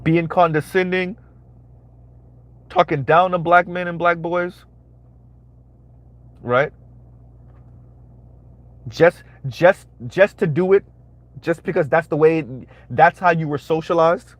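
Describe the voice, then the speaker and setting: Guy doing a live commentary stream, slightly high voice, dry close sound, keeps saying right?. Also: steady tone, slow pace, pauses often, no room sound, highs cut off. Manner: emphatic, repeats phrases, asks "right?" often. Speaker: commentary channel host.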